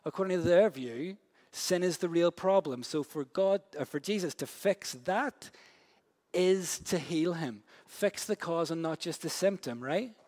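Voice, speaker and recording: A man preaching a sermon in a casual, slangy way, swinging between loud, quick bursts and hushed, slow stretches. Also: on the high side. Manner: lively storytelling, big swings from loud and fast to hushed and slow; casual, slangy delivery with many "like" and "yo" asides.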